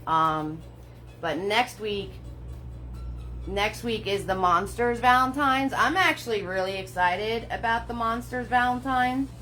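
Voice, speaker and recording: Woman art teacher doing a paint-along, slow easygoing talk, cheers herself on, faint music behind. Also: fairly high pitch, pushed and bright, low-quality recording. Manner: chatty, encouraging, talks herself through steps; slow, unhurried delivery with little laughs. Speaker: painting instructor. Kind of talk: live paint-along tutorial.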